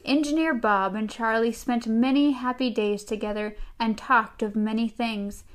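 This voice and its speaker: A woman's voice: fairly high pitch, moderate pace. A woman co-hosting a podcast, casually reading a storybook aloud with amused asides. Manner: amused, laughs through the reading. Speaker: podcast co-host.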